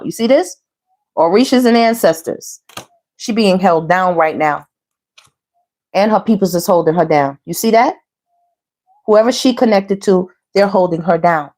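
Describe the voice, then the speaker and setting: A woman giving a casual tarot reading, sassy and animated, full of slang and calling the viewers "baby" and "y'all". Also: mid-range voice. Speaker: tarot reader.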